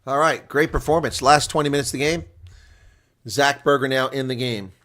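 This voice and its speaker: A man giving live reaction commentary on a rugby match, chatting to viewers and getting loudly excited on big plays. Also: medium pitch, normal speed. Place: home setup streaming a reaction broadcast.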